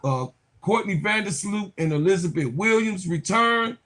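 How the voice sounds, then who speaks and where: A man's voice: high voice, lively intonation, normal speed, pushed and bright. A man hosting a basketball channel, giving casual, hyped commentary full of slang and repeated phrases. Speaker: sports channel host.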